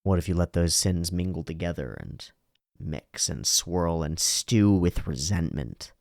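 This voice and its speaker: A man's voice: sits low, expressive, measured pace, gravelly, a little mellow, no echo, clean studio sound. A man hosting an anime reaction video, speaking bluntly and emphatically, with some swearing. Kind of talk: reaction commentary.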